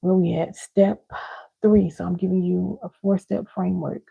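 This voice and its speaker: A woman's voice: fairly low pitch, steady tone, moderate pace, creaky, breathy edge, phone-quality sound. A woman giving a live parenting and healing teaching, emphatic, repeating key lines and calling listeners baby and y'all.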